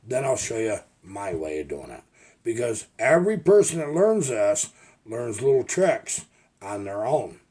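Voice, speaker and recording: A man's voice: mid-range voice, big pitch swings, unhurried, warm tone, breathy edge. An older man, a logger turned video maker, telling rambling folksy stories in a casual vlog. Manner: rambling folksy storytelling with restarts. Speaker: retired logger vlogger.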